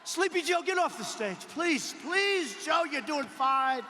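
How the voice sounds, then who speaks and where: A man putting on the voices of panicked political handlers, shouting and pleading mockingly as part of a rally speech. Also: very high-pitched, lively intonation, takes it slowly, slight background noise, voice pushed up, heavily acted. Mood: mock-frantic. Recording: reverberant arena hall.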